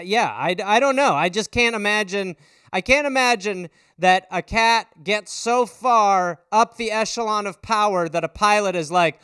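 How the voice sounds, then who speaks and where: A man in his thirties hosting an improvised stand-up show, riffing loudly on news stories, swearing freely and slipping into quick character voices. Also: high-pitched, smooth, dry recording, clean studio sound. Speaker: comedy podcast host.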